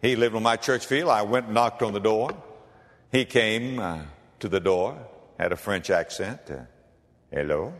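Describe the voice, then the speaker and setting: A man preaching a sermon as pastor, dramatic, swinging between ringing emphasis and hushed tones. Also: fairly low pitch, moderate pace. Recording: reverberant hall.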